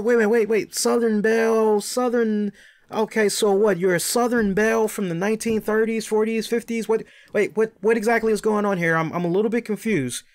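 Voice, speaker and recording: Male host with a high voice who reviews wrestling in an emphatic, animated way.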